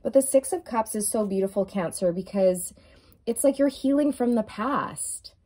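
A woman doing an effusive, emphatic tarot reading, stretching out key words and now and then singing a lyric softly. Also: fairly high pitch, normal speed, husky. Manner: sings song lyrics softly at times. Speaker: tarot reader.

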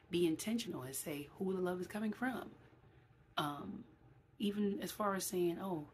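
A woman, speaking in a slightly low voice. She talks to the camera in a loose, animated way, with lots of ums along the way. A faint room hiss sits behind her. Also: moderate pace. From New York City. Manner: animated, acts out quoted voices, many fillers. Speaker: vlogger. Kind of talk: casual talk to camera.

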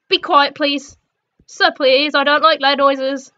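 Young girl gaming, high voice, swears loads, scared then muttering, kinda muffled mic. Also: normal speed, bright, forceful tone. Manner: jumpy, sweary, swinging between shrieks and mutters. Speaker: gaming streamer. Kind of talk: horror game commentary.

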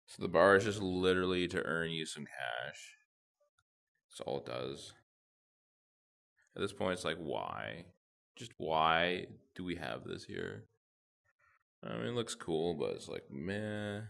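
A young man giving profane, excitable commentary to himself while playing a game. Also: sits low, slow pace, creaky, pauses often. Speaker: gamer channel host. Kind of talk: gameplay commentary.

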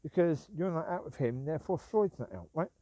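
This man speaks briskly, his voice on the high side with a dark tone and lively intonation, recorded dry. A vlogger walking his dogs at night, he rambles, grumbles, and keeps repeating himself.

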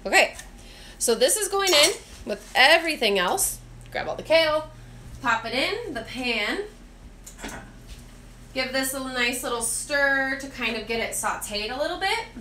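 A woman's voice: sits high, expressive, measured pace, long pauses, pushed and bright, a little hiss or hum. Chatty woman cooking in her kitchen. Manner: chatty, instructive, with friendly asides. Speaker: cooking vlogger and teacher. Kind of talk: casual cooking demonstration. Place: home kitchen.

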